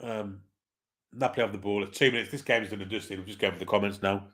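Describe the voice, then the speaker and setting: A man hosting a live football watchalong, calling the play in a relaxed, wry way and chatting with viewers. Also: on the low side, quick pace. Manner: laid-back, chatty, wry. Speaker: watchalong host. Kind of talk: casual live match commentary, reading chat.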